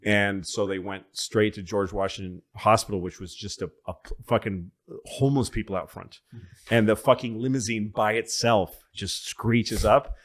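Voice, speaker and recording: Animated man telling podcast stories. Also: lowish voice, moderate pace. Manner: animated storyteller, acts out voices, swears freely. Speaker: podcast co-host. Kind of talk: casual storytelling chat.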